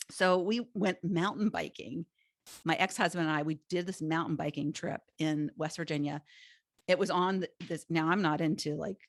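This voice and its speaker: A middle-aged American woman hosts her own podcast and talks at length in a loose, rambling way, with plenty of fillers and restarts. Her voice sits fairly low, and the recording is close and dry with no room sound. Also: no echo. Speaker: podcast host. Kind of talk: casual solo podcast talk.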